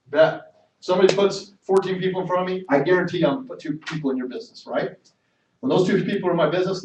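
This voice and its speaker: A man's voice: on the high side, a little mellow. A middle-aged man giving an emphatic motivational sales talk to a room of people, telling stories with frequent restarts. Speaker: network marketing speaker. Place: meeting room. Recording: echoey hall from far off.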